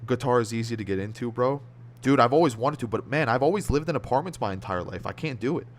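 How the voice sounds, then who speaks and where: A man's voice: medium pitch, quick pace. A young American man streaming and chatting casually with viewers. He talks in rambling, slang-heavy bursts, often trails off mid-word and laughs easily. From United States. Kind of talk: casual livestream chat reading viewer comments.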